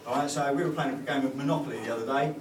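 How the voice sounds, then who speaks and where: A man's voice: medium pitch, fairly even intonation, very fast, slight background noise. A man doing a stand-up comedy set, rambling and hesitant with many fillers and restarts. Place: comedy club stage. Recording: roomy club sound from far off, loud crowd. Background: audience laughter.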